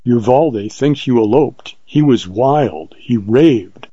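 An earnest, bold frontier ranger, voiced by a male narrator, speaks in a measured way. His tone is mellow and dark. The sound is dry and slightly lo-fi. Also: mid-range voice, lively intonation, breathy edge, no echo. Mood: tender.

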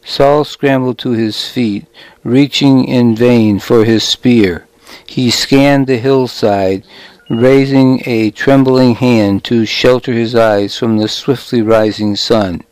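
A man narrating a story in a measured, deliberate reading style. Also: medium pitch, a little mellow, dry recording, rough recording.

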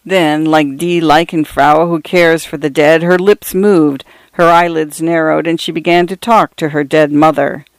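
A man reading a literary short story aloud, measured and expressive. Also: a little high, clear, resonant tone, no echo. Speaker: reader.

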